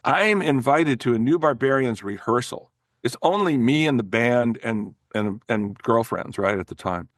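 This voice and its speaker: An older man, a former record promoter, telling animated, profane stories as a podcast guest, often restarting his sentences. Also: mid-range voice, moderate pace, no echo, studio quality. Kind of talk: casual storytelling in a podcast interview.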